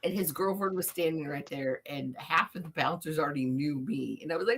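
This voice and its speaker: A woman co-hosting a stream, telling crude stories with loud laughs and swearing. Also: low-pitched, fairly quick, husky. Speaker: stream co-host. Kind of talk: crass casual chat.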